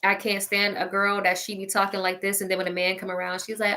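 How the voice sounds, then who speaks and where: Woman, podcast host, casual comedic rant, sassy and petty, bright tense tone. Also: mid-range voice, quick pace. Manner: sassy, petty, animated ranting; addresses listeners directly, laughs often.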